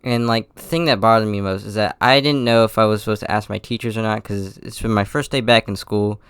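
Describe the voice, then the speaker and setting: A teenage boy talks through a casual solo podcast in a lowish, smooth voice. He rambles and hesitates, backing up and apologizing as he goes. The sound is close and dry. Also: steady tone, fairly quick, fairly bright tone, no echo. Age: teens. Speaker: podcast host.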